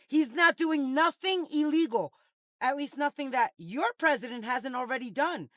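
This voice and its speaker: A woman's voice: sits high, lively intonation, normal speed, a bit bright, no room sound. A woman vlogger in an exasperated, mocking rant, swearing heavily at her critics. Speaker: commentary vlogger. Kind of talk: angry profane rant.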